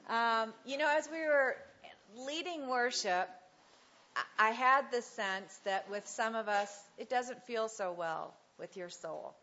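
A middle-aged woman speaking at a church women's gathering, telling a story with animation and then praying gently. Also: on the high side, slow, muffled recording. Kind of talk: devotional talk and prayer.

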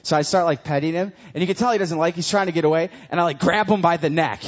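Man preaching casually, slightly higher voice. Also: fast. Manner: casual conversational preaching with animated storytelling. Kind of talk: sermon. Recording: dull lo-fi recording.

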